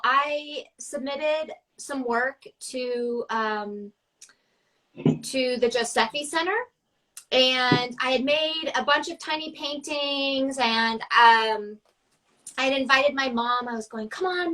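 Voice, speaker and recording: A woman artist and coach chatting on a video call, telling lively stories and acting out the people in them. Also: high voice, slow pace, poor audio. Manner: animated storyteller, acts out quotes. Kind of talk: casual conversation.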